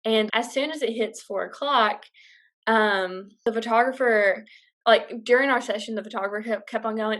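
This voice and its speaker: A woman's voice: on the high side, normal speed, a bit bright. A young woman vlogger casually telling a personal story, chatty and full of fillers. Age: young adult.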